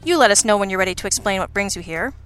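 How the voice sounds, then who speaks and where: A woman's voice: medium pitch, lively intonation, racing, a bit bright, soft background music, close to an everyday voice. A woman voicing a dry-witted, unflappable male detective who speaks patiently and wryly in an audiobook.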